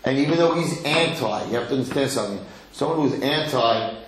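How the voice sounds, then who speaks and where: A middle-aged man, a rabbi, giving an animated lesson to a live audience, repeating phrases and putting questions to the room. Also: mid-range voice, a little fast, slight background noise. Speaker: rabbi teaching a class. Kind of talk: Torah lecture to a live audience. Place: lecture hall with audience. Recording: echoey hall.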